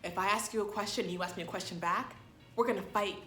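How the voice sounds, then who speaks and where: A young woman telling a storytime vlog in a sassy, dramatic way, with sudden loud outbursts. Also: mid-range voice, fairly even intonation, quick pace, soft background music. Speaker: vlogger. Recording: echoey room.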